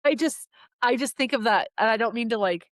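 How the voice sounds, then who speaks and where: A woman's voice: fairly high pitch, fairly quick, no room sound, clean studio sound. A woman in her thirties chatting casually on a podcast, telling stories with lots of fillers and quoted voices. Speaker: podcast guest, daughter. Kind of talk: casual storytelling chat.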